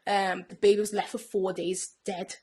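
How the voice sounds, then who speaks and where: A young woman telling a story at a lively, animated clip, slipping into little acted-out voices for each character. Her pitch sits in the middle of the range, and her talk is loose and casual, full of "like" and "yeah?". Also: moderate pace, breathy edge. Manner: animated storyteller who acts out characters' lines. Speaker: podcast co-host. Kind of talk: casual chat retelling a TV plot.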